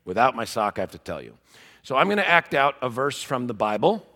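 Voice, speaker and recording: A man giving a humorous teaching talk to a live audience, an animated and self-mocking storyteller. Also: mid-range voice, fairly quick. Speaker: conference speaker. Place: large conference hall. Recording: long hall reverb.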